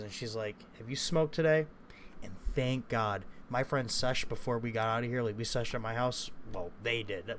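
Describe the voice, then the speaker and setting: A young man telling a story in a loose, rambling way, swearing often and leaning on fillers. His voice sits at an ordinary pitch, and a faint hiss hangs behind it. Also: a bit bright. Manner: rambling, profane, lots of fillers. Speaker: vlogger. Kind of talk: casual storytelling.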